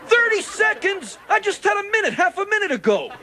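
A squeaky, gravelly sitcom alien who begs and cracks jokes, bouncy delivery, noisy studio crowd roaring. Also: male voice, very animated, full character voice. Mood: wisecracking. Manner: quick wisecracks and whiny pleading. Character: wisecracking furry male alien houseguest, scheming and needy. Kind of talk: 1980s sitcom acting. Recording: loud studio audience laughter, noisy.

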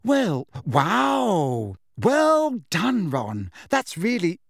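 A man reading an audiobook, voicing an excitable, eager teenage girl in a high, breathless voice. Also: slow, no echo, studio quality, heavily acted. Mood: flustered. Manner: bursting, eager.

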